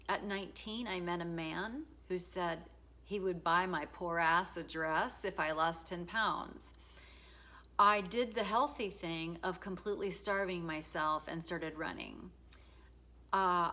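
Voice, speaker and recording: A middle-aged author reads her own book introduction aloud, frank and emotional, stopping for casual asides, laughter and swearing. Her voice is fairly low and sharp in tone.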